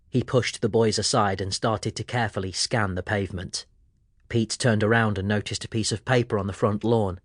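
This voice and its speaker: A man narrating a children's audiobook in a lively storytelling manner. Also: on the low side, moderate pace, dry recording, studio quality.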